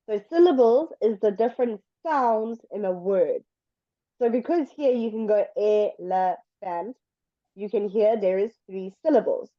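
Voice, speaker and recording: Her voice on the high side, a woman gives an online English lesson, drawing words out slowly and deliberately so learners can hear them. She sounds patient. The recording is dry and lo-fi.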